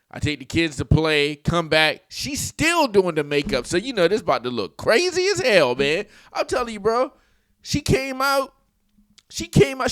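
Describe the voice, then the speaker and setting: A man's voice: fairly high pitch, a bit bright, clear, resonant tone, no room sound, studio quality. A man hosting a casual reaction video, telling stories with lots of swearing and laughing at the clips.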